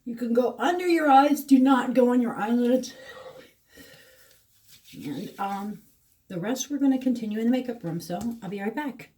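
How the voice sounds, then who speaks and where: Lady rambling about her skincare, kinda high voice, sounds a little far from the mic. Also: expressive, normal speed, pauses often, mellow. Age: middle-aged. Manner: chatty, rambling, frequent fillers. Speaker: beauty vlogger. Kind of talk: casual skincare demo. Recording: voice a bit away from the mic.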